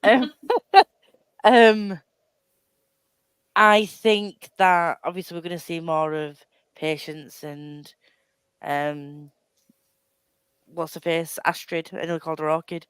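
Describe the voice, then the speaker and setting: Chatty rambling woman, smooth voice. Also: lowish voice, fairly even intonation, slow pace, pauses often, dry recording. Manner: rambling, self-deprecating, frequent laughs and restarts. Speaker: book club co-host. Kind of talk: casual book chat.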